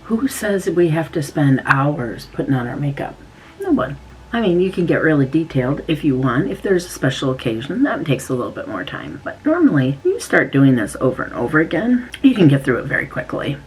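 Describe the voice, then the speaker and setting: A woman's voice: low-pitched, sing-song, fairly quick, slight background noise, poor audio. A woman casually talking through her makeup routine step by step, chatty and easygoing as she demonstrates. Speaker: beauty vlogger.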